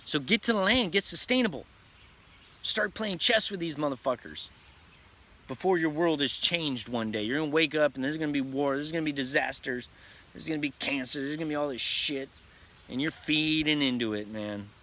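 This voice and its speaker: Intense high-voiced ranting man. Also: moderate pace, bright, forceful tone. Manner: profane, intense, repetitive, preachy. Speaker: vlogger. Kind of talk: ranting vlog monologue.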